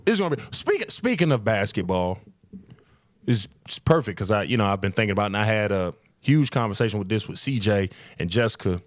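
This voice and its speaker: A man's voice: lowish voice, big pitch swings, fairly quick, dry recording, studio quality. Laid-back man boasting in banter. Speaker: show host. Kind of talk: casual sports chat.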